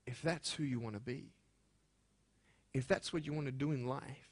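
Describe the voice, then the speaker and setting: A young adult man giving an earnest, emphatic motivational speech to students, moving between hushed and loud passages. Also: mid-range voice, normal speed, breathy edge. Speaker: motivational speaker.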